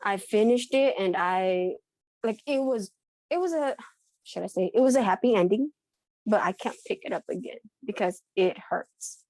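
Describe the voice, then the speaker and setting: A woman's voice: medium pitch, normal speed, darkish tone, no room sound. A woman co-hosting a book podcast in casual chat, talking with many restarts and frequent laughs. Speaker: podcast co-host.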